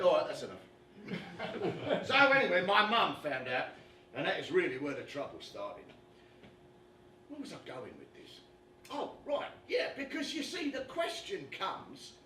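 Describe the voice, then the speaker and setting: An actor playing a brash, chatty British boxing commentator in an animated one-man stage comedy monologue, talking straight to the audience. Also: high voice, a little hiss or hum, heavily acted. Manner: animated, chummy, addresses the audience directly. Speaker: stage performer. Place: theatre stage with a live audience. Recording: roomy live stage recording from far off.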